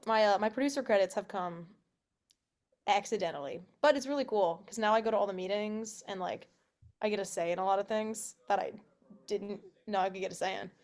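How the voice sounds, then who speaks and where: A woman's voice: medium pitch, a little fast, darkish tone. A young adult woman, an actress being interviewed, chatting casually with lots of laughter, a loose "like" habit and the odd swear word. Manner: chatty, laughs often, swears, says "like" a lot. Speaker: actress guest.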